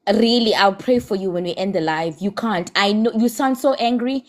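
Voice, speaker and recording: In a heated live-stream argument, a South African-accented woman scolds impassionedly, slipping Zulu words into her English. Her voice sits in the mid range, and she speaks at a moderate pace.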